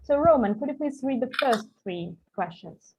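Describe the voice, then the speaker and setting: A woman with a Russian accent, who tutors coaches in English, explains things with examples and frequent "like" fillers during an online lesson. Her voice is a little high, a little mellow, and animated, moving at a moderate pace. The husky sound carries over a tinny video call with slight background noise.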